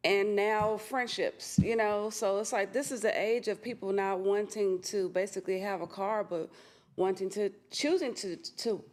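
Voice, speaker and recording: A woman's voice: medium pitch, a little mellow. A woman co-hosting a podcast in casual chat, explaining her points with many ums and you-knows. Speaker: podcast co-host.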